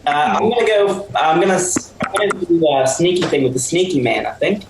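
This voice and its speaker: Young man, player, slightly high voice, echoey room, background hiss, laid-back jokes. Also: expressive, fairly quick. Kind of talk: casual tabletop play. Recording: echoey room with clear noise.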